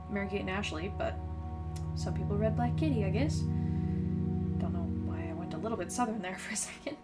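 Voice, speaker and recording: A young woman reads a story game aloud and keeps breaking off to chat and laugh. Her voice sits at a middling pitch. Loud game music plays behind her. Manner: chatty, laughing asides. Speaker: gaming channel host. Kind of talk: let's play, reading game text aloud.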